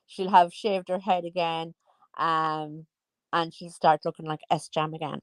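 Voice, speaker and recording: A woman's voice: on the low side, level tone, a little slow, smooth, no echo. A woman in her forties giving casual, teasing gossip commentary as a vlogger. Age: 40s. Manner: chatty, teasing, sing-song asides.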